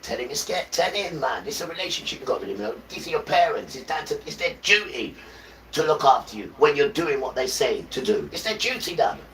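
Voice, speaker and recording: A man's voice: a little high, big pitch swings, a little fast, fairly bright tone, far from the mic, slight background noise, poor audio. A man livestreaming an impassioned spiritual talk, urging his viewers directly in a preachy, urgent way. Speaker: livestream host.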